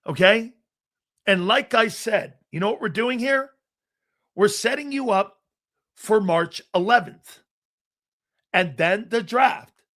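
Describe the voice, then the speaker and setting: A man's voice: high-pitched, sharp tone. A man hosting a sports talk radio show, ranting bluntly and combatively at callers and swearing freely.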